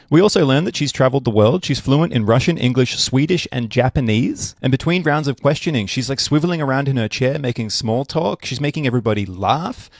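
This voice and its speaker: Aussie guy doing comedic history, deadpan snark, bouncy intonation, dry mic. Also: mid-range voice, no echo. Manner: sarcastic, deadpan asides. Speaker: history storyteller.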